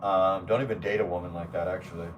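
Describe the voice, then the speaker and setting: A man's voice: low-pitched, fairly even intonation, fast talker, distant mic, background noise. Blunt, profane male live streamer. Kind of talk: casual livestream reading chat comments aloud.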